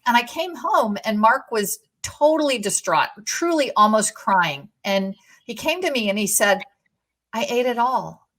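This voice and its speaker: Middle-aged woman guest, higher-pitched, emphatic storyteller. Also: lively intonation, measured pace, few pauses, fairly bright tone, a little hiss or hum. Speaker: podcast co-host, guest. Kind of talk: casual conversation.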